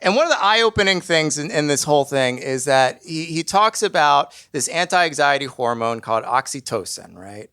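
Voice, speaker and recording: A man telling a funny personal story on stage in a lively, self-deprecating way. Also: a little high, moderate pace, hardly any pauses, clear, resonant tone.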